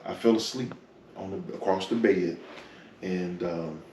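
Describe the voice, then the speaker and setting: A man's voice: deep voice, a little slow, mellow. A man in his forties giving a reflective personal testimony in an interview, dropping "man" and "you know" as he goes. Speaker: interview guest. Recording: echoey room, from far off, faint noise.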